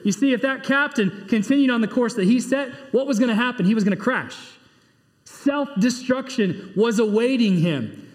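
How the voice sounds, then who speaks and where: A pastor preaching a sermon, swinging between loud, emphatic bursts and low, quiet asides. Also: male voice, animated, moderate pace, big-room sound.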